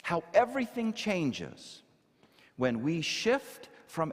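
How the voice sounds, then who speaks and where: A man preaching a sermon, his pitch rising and falling in a lively, emphatic way as he asks the congregation rhetorical questions. His voice rings out with a long reverb from the church hall. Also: measured pace. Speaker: minister. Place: church sanctuary.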